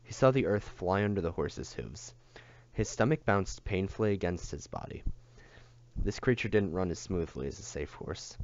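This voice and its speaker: A man reading a novel aloud in a steady, unhurried way, on a dull lo-fi recording. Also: low-pitched. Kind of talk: audiobook reading.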